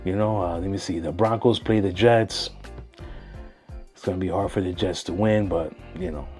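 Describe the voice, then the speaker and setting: A man with a lowish voice riffs through sports matchups in a loose, slangy way, tossing in bits of Spanish. Faint music plays quietly behind him. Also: moderate pace. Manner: slangy, animated, mixes in Spanish phrases. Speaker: sports vlogger. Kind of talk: casual sports commentary.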